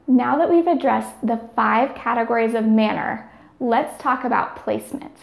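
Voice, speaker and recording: A woman's voice: a little high, normal speed, gravelly, echoey room. A woman giving scripted speech therapy instruction, carefully demonstrating each sound.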